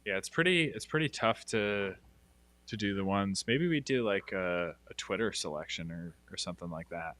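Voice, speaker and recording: A man co-hosting a casual livestream chat, upbeat and quick to laugh, often restarting his sentences. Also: sits low, fairly bright tone. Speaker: stream co-host.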